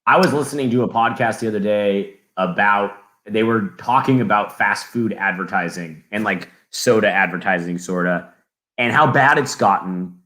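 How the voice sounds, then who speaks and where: A man's voice: on the low side, moderate pace, pushed and bright. A man co-hosting a podcast in casual chat, telling stories and acting out the people in them. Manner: chatty storyteller, acts out quotes. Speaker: podcast co-host.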